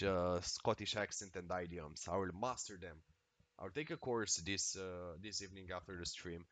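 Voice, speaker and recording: A man streaming a video game, talking casually and excitably with lots of swearing and exclamations. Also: low voice, moderate pace, no room sound. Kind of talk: casual live-stream commentary while playing.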